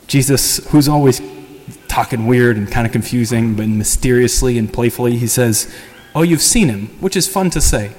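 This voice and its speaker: A man who is a priest, giving a casual sermon that retells a story and acts out the quotes. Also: normal speed. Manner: lively storytelling, acts out quotes with higher pitch and laughs. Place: church. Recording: long church reverb.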